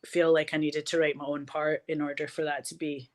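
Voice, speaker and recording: A woman's voice: low voice, fairly quick. A woman with a Glasgow accent, a film director and actor, chatting animatedly as an interview guest. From Scotland. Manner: animated, chatty, many "like"s and "do you know what I mean". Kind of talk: casual interview chat.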